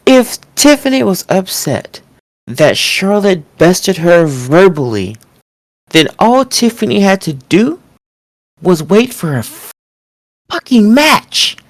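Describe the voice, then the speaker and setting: A woman's voice: mid-range voice, sing-song, takes it slowly, dry recording. A woman co-hosting a wrestling podcast, ranting casually with lots of swearing and mocking impressions. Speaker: podcast co-host.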